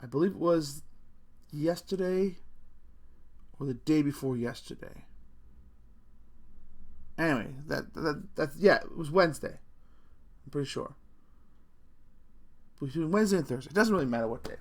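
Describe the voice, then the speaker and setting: A man's voice: fairly high pitch, lively intonation, normal speed, pauses often. A middle-aged man ranting casually to camera, rambling through stories with swearing and self-mocking laughs. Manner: rambling, profane, laughing at himself. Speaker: vlogger.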